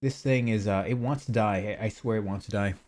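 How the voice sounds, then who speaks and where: A man streaming a video game in casual, rambling commentary. He often trails off into quiet mumbles. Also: lowish voice, fairly quick.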